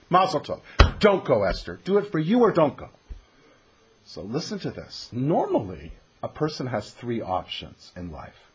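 Animated, husky-voiced male teacher. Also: sits high. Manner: animated storytelling, acts out voices, reads sources aloud. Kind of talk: text study lesson.

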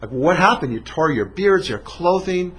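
A man's voice: a little high, expressive, moderate pace, breathy edge. A man doing a resentful, sly schemer. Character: resentful royal-descended man, murderous schemer.

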